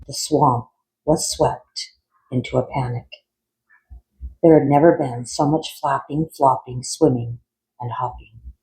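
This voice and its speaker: A man reading a children's picture book aloud in a measured, expressive way. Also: mid-range voice, vocal fry, rough recording. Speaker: storyteller.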